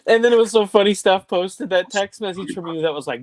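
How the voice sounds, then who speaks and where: A man's voice: high-pitched, brisk, a crowd in the background. A man on a panel, chatting casually, teasing the others and telling little stories. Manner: teasing, tells stories with laughs. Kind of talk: casual chat.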